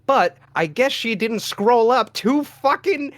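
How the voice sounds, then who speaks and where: A young man, a podcast co-host, telling a rowdy personal story with lots of swearing and loud acted-out shouts. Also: very high voice, slow. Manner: profane, animated, acts out his own lines in a loud voice. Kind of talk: casual storytelling.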